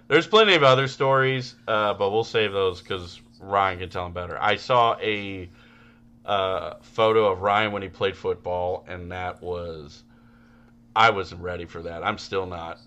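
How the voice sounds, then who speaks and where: A man's voice: sits low, moderate pace, sharp tone, muffled recording. A man co-hosting a podcast, telling rambling, profane stories in casual chat. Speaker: podcast co-host.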